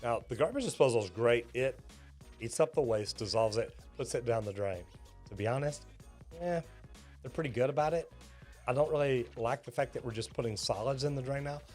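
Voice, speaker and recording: A man's voice: medium pitch, fairly quick, darkish tone, faint music behind. A man, a plumber hosting a reaction video, explaining things in a friendly, folksy way. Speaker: plumber and host reacting to a clip. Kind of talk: reaction commentary.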